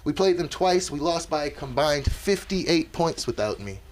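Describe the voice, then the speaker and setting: A man doing open mic stand-up, telling a profane story and shouting when he acts out angry parents. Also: a little high, expressive, normal speed. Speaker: stand-up comic. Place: comedy club stage. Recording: noisy club crowd. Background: audience reactions.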